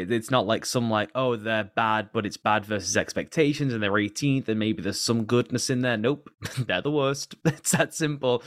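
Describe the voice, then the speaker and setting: A man co-hosting a casual sports podcast, talking in animated rants and often laughing. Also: lowish voice, no room sound, studio quality. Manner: animated, quick to laugh and rant. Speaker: podcast co-host. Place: lives in the UK.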